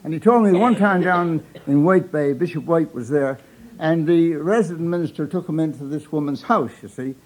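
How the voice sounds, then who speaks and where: A man's voice: on the high side, moderate pace, a little mellow, rough recording. An older man with a Newfoundland accent telling folksy humorous stories, chuckling at his own punchlines. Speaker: storyteller. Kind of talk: live humorous storytelling.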